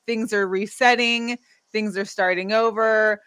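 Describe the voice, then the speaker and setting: A woman's voice: mid-range voice, steady tone, measured pace, a bit bright, clear, resonant tone, no room sound. A woman co-hosting a casual sports podcast, laughing often and trailing off with hedges. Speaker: podcast co-host.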